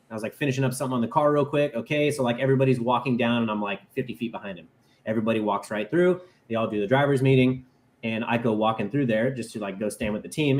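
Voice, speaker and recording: A man in his thirties, a guest telling a casual story, acting out the voices he quotes and saying "like" a lot. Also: mid-range voice. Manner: animated, acts out quoted voices, many "like" fillers.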